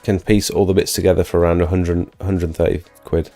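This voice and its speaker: A man's voice: deep voice, level tone, fairly quick, mellow, faint music behind. A man hosting a live stream, chatting casually as he answers viewer questions while getting over an illness and losing his voice. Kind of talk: casual live Q&A about pressure washing.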